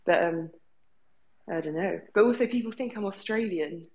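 A woman's voice: medium pitch, moderate pace, darkish tone. A young woman with a British accent, raised in Bahrain, chatting casually as a guest artist, laughing easily and swearing freely. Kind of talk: casual chat.

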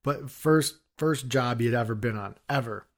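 A man in casual conversation, telling rambling stories full of fillers and swearing, and acting out shouting coworkers. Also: mid-range voice, normal speed. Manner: rambling storyteller, swears freely, filler-heavy; acts out other people's shouting in his stories. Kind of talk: casual chat.

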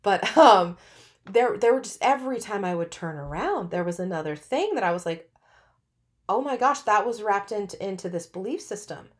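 A middle-aged woman talks through her personal story as a podcast host, frank and conversational. Her voice sits at a typical pitch for a woman, and she laughs often mid-sentence as she speaks. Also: expressive, a little fast. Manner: candid, chatty, frank.

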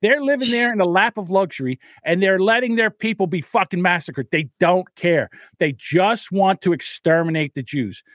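A man's voice: high voice, normal speed, few pauses, a bit bright, no room sound, studio quality. A man co-hosting a podcast, ranting heatedly and swearing often in casual chat. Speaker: podcast co-host.

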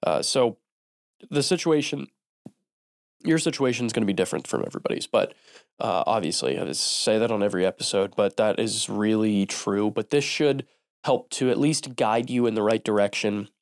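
A man's voice: lowish voice, moderate pace, no echo, studio quality. A man hosting a small business podcast, talking casually with a stuffy, nasal voice from a cold and lots of ums. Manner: relaxed, many ums and uhs. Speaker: podcast host. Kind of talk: casual solo podcast talk.

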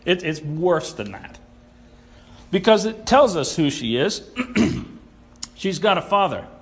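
A man preaching a sermon, animated and sarcastic, who acts out the people he quotes. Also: sits high, slow. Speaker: pastor.

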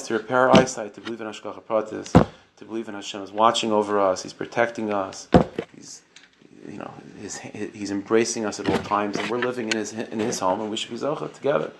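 A man with a low voice and a gravelly edge delivers a storytelling sermon. He speaks casually, with frequent fillers and Hebrew and Yiddish terms. The recording has steady background noise. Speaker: rabbi giving a talk. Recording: noisy recording.

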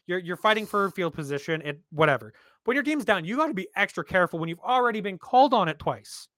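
A man's voice: high voice, quick pace, dry recording. A man co-hosting a casual sports podcast, talking bluntly and with swearing. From Canada. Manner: animated, blunt, swears freely. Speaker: podcast co-host.

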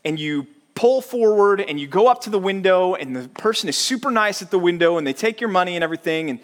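Young male pastor, somewhat high voice, chatty storytelling sermon. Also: quick pace. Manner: conversational, animated storytelling with acted-out quotes.

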